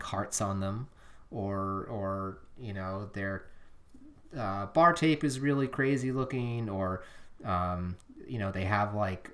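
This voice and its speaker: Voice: mid-range voice, fairly bright tone. A podcast co-host in casual chat, rambling and earnest, often restarting sentences and sometimes drifting off the microphone. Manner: rambling, self-interrupting, earnest. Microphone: drifting off the microphone at times.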